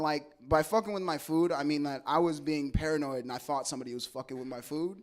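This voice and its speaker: A stand-up comedian, a man from El Segundo, talking in a slightly raised register. He rambles through his stories and trips over restarts as he goes. His delivery is casual, profane and confessional. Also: a little high. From El Segundo, California. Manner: rambling, stammering, profane storytelling.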